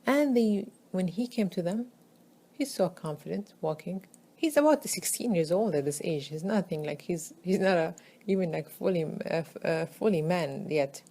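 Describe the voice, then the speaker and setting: A woman's voice: on the low side, lively intonation, normal speed, warm tone. A woman telling a religious story in a conversational way, often checking in with "okay?" and repeating words for emphasis.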